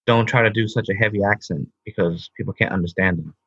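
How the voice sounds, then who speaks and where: A man with a husky, slightly low voice, co-hosting an easygoing chat. The recording is dry and a little dull, and his tone stays enthusiastic. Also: fast, a bit bright, dry recording. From United States. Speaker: podcast co-host. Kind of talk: casual chat, then reading a script.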